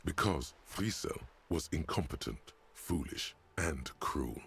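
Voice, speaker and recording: A man voicing a wry, deadpan narrator in a detective video game, with a dry, sardonic delivery. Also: rumbling low, takes it slowly, creaky, breathy edge, heavily acted.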